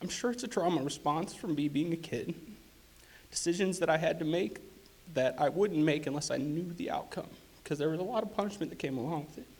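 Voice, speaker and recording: A man giving a personal testimony in church, earnest and halting, with fillers and restarts. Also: on the high side, darkish tone, breathy edge.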